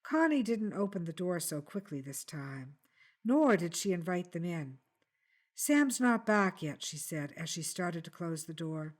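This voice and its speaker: A woman's voice: fairly low pitch, lively intonation, moderate pace, a little mellow. Woman reading a crime story aloud. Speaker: author reading her fiction.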